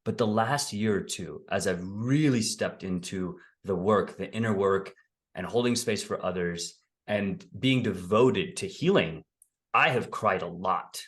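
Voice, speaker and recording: A man hosting a podcast, speaking in a thoughtful, affirming, soft-spoken way about personal growth. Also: deep voice, measured pace. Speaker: podcast host. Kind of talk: reflective interview chat.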